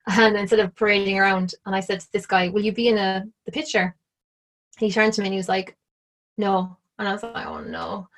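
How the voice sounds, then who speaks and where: A woman's voice: mid-range voice, level tone, fast talker, fairly bright tone. An Irish woman telling a story in an interview, chatty and full of "like". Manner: chatty, full of "like", acts out quoted lines. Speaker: interview guest. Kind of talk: casual storytelling.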